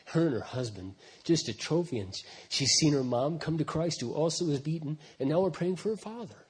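A man in his fifties preaching a sermon as a pastor, swinging from quiet conversational asides to loud, emphatic passages, with frequent restarts. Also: a little high, expressive, a little fast, breathy edge. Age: 50s.

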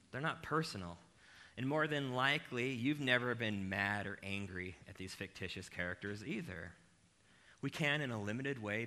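Male preacher, bright ringing tone, jokey and self-mocking, talks right to the crowd. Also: mid-range voice. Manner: animated, self-deprecating, addresses the crowd directly. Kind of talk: humorous conversational sermon.

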